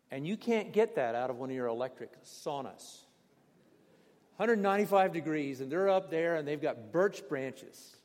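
Older guy preaching, animated storyteller, voice ringing around a big church hall. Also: fairly high pitch. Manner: vivid, animated storyteller with bursts of emphasis and laughter. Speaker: pastor. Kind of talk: sermon with personal storytelling. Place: church sanctuary. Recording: long hall reverb.

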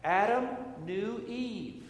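Pastor, man, middle-aged, fairly high voice, unhurried and emphatic; recorded with long church reverb. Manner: deliberate, emphatic preaching with measured pauses. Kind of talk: sermon. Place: church sanctuary. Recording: echoey hall with faint ambience.

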